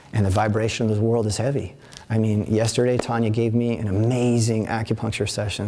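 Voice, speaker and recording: A man's voice: lowish voice, warm tone. A man in his fifties teaching a live workshop, talking in a rambling, conversational way with many restarts and asides. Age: 50s. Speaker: qigong teacher leading a workshop. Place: events center before a live audience.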